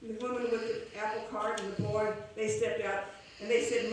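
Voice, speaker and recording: A woman's voice: medium pitch, flat delivery, a little hiss or hum. Woman storyteller in an echoey room. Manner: unhurried, homespun, with small restarts. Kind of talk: oral storytelling of a classic tale. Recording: echoey room from far off, faint ambience.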